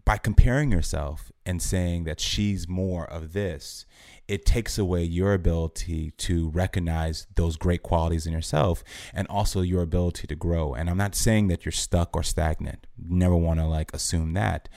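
Deep, gravelly man giving calm advice. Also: no room sound, studio quality. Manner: calm, earnest, measured counselling tone. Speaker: guest therapist giving advice. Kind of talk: podcast conversation.

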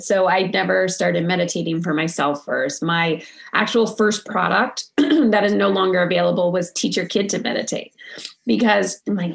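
A middle-aged woman chatting in a relaxed, reflective way, her sentences looping through fillers as she thinks aloud. Her voice sits at an ordinary pitch for a woman. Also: creaky. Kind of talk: casual conversation.

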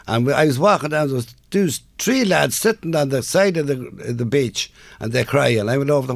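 A man's voice: medium pitch, vocal fry, dry recording, studio quality. A man, a former footballer and guest telling earnest, plain-spoken stories in an interview. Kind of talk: interview storytelling.

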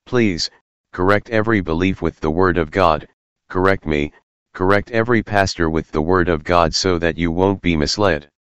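A man's voice: sits low, moderate pace, a bit bright, smooth, dry recording, dull audio. A man reading a scripted, earnest closing message for a religious podcast.

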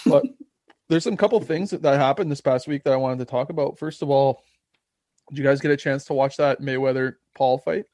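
A man's voice: mid-range voice, a little fast, no echo. A young man co-hosting a podcast, teasing his friend and acting out quotes as he tells stories. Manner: animated, teasing, acts out quotes. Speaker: podcast co-host. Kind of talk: casual storytelling chat.

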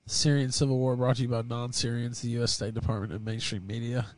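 A man's voice: mid-range voice, level tone, a little fast, a little mellow. A man hosting a casual livestream, swearing freely and laughing while reacting to chat and videos. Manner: profane, laughing, opinionated. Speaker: livestream host. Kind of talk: casual live-stream chat.

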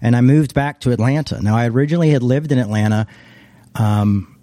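Mellow-voiced man, meandering reflective storyteller. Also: mid-range voice, brisk, dry recording, studio quality. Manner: reflective, meandering, frequent restarts. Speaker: interview guest, former pastor. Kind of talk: casual conversational storytelling.

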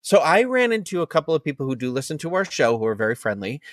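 A man's voice: a little high, sing-song, fast, no room sound, clean studio sound. A man co-hosting a podcast, telling a story in a casual chat with lots of fillers. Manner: rambling, filler-heavy storytelling. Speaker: podcast co-host.

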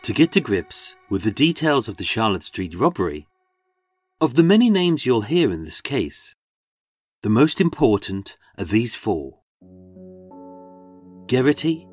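A man with a Birmingham accent narrating a true-crime walking tour as its host, sardonic and sweary, with dramatic pauses. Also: lowish voice, big pitch swings, soft background music. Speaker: podcast host and tour guide.

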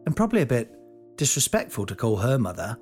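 Giggly, rambling comedian. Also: male voice, fast talker, faint music behind. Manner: self-mocking, giggly, lively swings in pitch. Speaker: podcast host, comedian. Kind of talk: rambling comic monologue.

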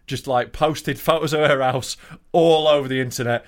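A man's voice: mid-range voice, fairly even intonation, moderate pace, very noisy. A man co-hosting a comedy podcast, telling a rambling story that keeps getting sidetracked, laughing often. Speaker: podcast co-host. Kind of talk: casual comedy chat.

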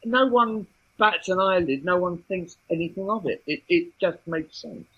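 A man speaking about the show's creative approach, halting with frequent ums. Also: high-pitched, slightly rough, no echo, dull audio. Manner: hesitant, many ums. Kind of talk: casual interview.

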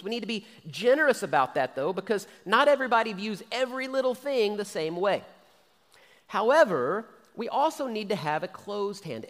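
A man's voice: high voice, fairly bright tone, in a large hall. A man preaching a sermon as pastor, talking conversationally and often checking in with "okay?" and "right?". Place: church sanctuary.

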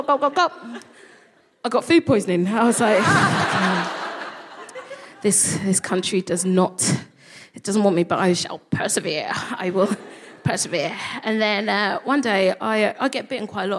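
A woman, telling a comic story on a live stage, swearing freely and acting out the people in it. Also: medium pitch. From England. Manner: animated, swearing, acts out voices, laughs at own jokes. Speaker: comedy podcast co-host. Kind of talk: live stand-up storytelling before an audience.

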